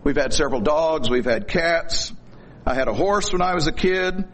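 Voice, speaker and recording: A man's voice: fairly high pitch, expressive, moderate pace, fairly bright tone. A middle-aged man preaching a sermon in a folksy, storytelling way, with corny jokes.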